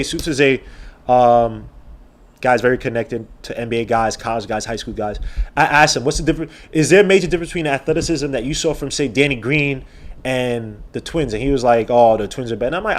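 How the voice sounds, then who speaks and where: A man hosting a live sports podcast, talking in an animated, rambling way with exclamations and repeated words. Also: a little high. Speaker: podcast host. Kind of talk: live-stream sports talk.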